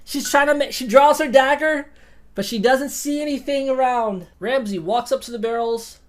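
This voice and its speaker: A woman's voice: high voice, normal speed. A woman narrating a tabletop game as game master, casual and profane, often laughing at the dice rolls.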